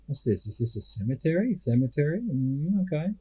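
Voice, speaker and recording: A man's voice: on the high side, big pitch swings, brisk, few pauses, warm tone, slightly rough, poor audio. A middle-aged Australian man giving gameplay commentary as a streamer, musing and talking himself through what he is doing at home.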